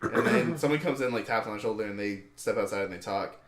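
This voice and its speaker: Bright-voiced man telling an animated story. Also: lowish voice, fast talker. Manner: animated, swearing, acts out angry quotes. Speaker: podcast co-host. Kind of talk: casual storytelling chat. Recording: echoey room.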